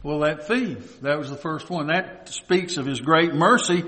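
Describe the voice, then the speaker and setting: A high, bright-toned man preaching a sermon from the pulpit. His voice rings with a long hall reverb, and he earnestly draws the congregation into call-and-response. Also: unhurried. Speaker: pastor.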